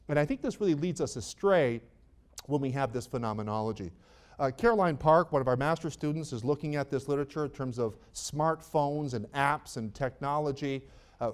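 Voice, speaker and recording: A man's voice: a little high, a little mellow. A middle-aged man, giving a conversational medical conference lecture as a psychiatrist, with rhetorical questions and wry jokes for the audience. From Canada.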